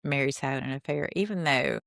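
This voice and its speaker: Opinionated low-voiced woman recapping. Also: very animated, brisk, gravelly, a bit bright, no room sound, studio quality. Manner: opinionated, retells scenes with quoted lines, sarcastic asides. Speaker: podcast host recapping a reality show. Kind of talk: casual recap commentary.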